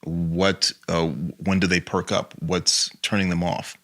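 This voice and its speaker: Deep-voiced man, rambling interview guest. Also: level tone, slow, fairly bright tone. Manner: rambling, full of "you know" fillers. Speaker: guest, acting and improv teacher. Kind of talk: casual interview chat.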